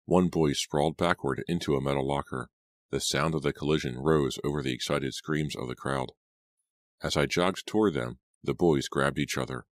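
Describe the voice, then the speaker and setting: A man narrating an audiobook in a steady, measured reading style. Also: very deep voice, no echo, clean studio sound. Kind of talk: scripted storybook narration.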